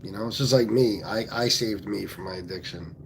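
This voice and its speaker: A man's voice: fairly low pitch, a little fast, a little hiss or hum. Blunt, profane man hosting a livestream. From Pennsylvania. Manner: blunt, profane, reads out viewer comments. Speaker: livestream host. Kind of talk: casual livestream chat.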